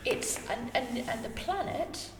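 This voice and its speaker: A woman's voice: a little high, animated, unhurried. A woman, a podcast guest, speaking earnestly and thoughtfully in casual chat. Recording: distant mic in an echoey room with noise.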